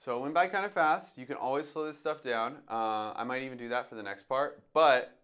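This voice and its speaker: Guy walking you through jazz drum transcription, chatty, sings the drum hits out loud. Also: medium pitch, fairly quick, clear, resonant tone. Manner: talks through his thinking, sings drum sounds aloud. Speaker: drum teacher. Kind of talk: casual instructional talk.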